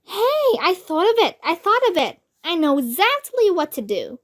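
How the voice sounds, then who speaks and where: Woman doing a shrieky excitable little girl. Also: sits high, measured pace. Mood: excited. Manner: shouting and squealing.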